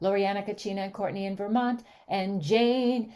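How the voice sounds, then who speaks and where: Her voice sits in the mid-range and moves at a normal speed. She's the host of an online sing-along show, animatedly listing names and cheerfully welcoming each viewer in a friendly, chatty way.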